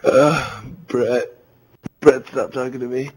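A man's voice: mid-range voice, steady tone, takes it slowly, slightly rough, poor audio. A drunk young man in casual gaming chat, giggling and rambling in a slurred voice. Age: young adult. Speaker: gamer on voice chat.

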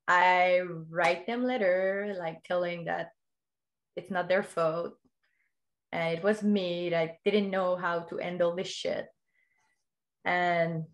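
A woman who is not a native English speaker, telling her story as a podcast guest in a candid way, swearing freely and laughing often. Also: lowish voice. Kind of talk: casual interview storytelling.

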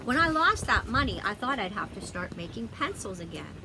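A man's voice: sits high, sing-song, a little fast, background noise. A woman voicing a kindly, tearful old man who once made pencils, reading him in a storybook. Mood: earnest grateful. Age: older. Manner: earnest, sentimental.

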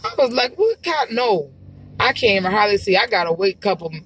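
A woman vlogs from her car while driving, chatting to the camera in a rambling, exclamatory way punctuated by sighs. Her voice is medium-pitched and husky, very animated and fairly quick, and the recording is rough.

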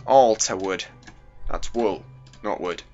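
A British teenage gaming YouTuber rambles and jokes through casual Minecraft let's play commentary, putting on silly voices and sweating in the heat. He speaks slowly in a warm, lowish voice, and the muffled home recording carries faint music behind him.

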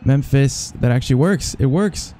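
A young man commentating his own football video game match, excitable, swinging from deadpan complaints to loud cheering. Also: medium pitch, moderate pace. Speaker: gaming channel host.

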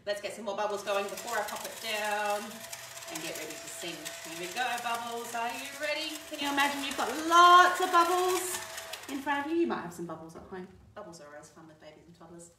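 A woman's voice: mid-range voice, animated, fairly quick, background noise. A woman leading a livestreamed baby and toddler singing session, talking in a cheery, sing-song way to little ones and their parents. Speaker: library children's session presenter. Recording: echoey room, voice from a distance.

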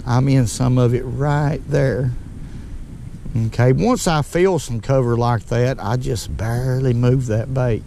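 Guy on a boat, slow easy talk, gets all excited, light hiss behind. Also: mid-range voice, gravelly. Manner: folksy, excitable, talks to viewers as "y'all". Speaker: fishing vlogger. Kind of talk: casual on-the-water commentary. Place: outdoors on a fishing boat on a lake.

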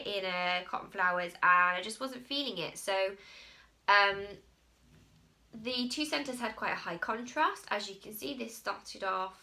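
A woman's voice: fairly high pitch, bright, forceful tone. A woman in her late twenties hosting a podcast in casual, rambling chat, laughing at her own slips. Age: late 20s. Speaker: podcast host.

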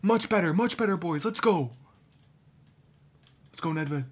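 A husky-voiced man talks through a football game card review for his viewers, whom he calls boys. Once the matches start, his voice swings widely from low mutters to loud shouts at every chance on goal. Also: measured pace. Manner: excitable, shouts and groans at near misses. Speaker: gaming YouTuber. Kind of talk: player review and live gameplay commentary.

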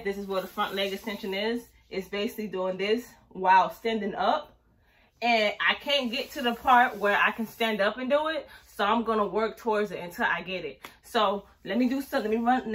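A woman's voice: medium pitch, fairly bright tone. A young woman vlogging her dance workout at home, chatty and out of breath, counting reps aloud to a distant camera. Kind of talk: casual workout vlog.

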